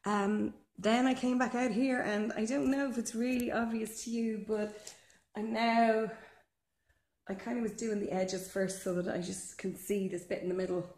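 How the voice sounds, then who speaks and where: Gravelly-voiced woman, chatty vlogger. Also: a little high, fairly even intonation, darkish tone, reverberant. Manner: chatty and unhurried, with many ums. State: slightly out of breath from physical work. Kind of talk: casual chat to camera while working. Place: outdoors in a garden.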